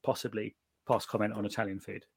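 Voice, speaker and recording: A middle-aged British man chatting casually, telling animated stories with many restarts and the odd swear word. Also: fairly low pitch, fast, vocal fry, breathy edge, no room sound, clean studio sound. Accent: British English. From Britain. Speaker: guest reviewer of night vision gear. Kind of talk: casual chat.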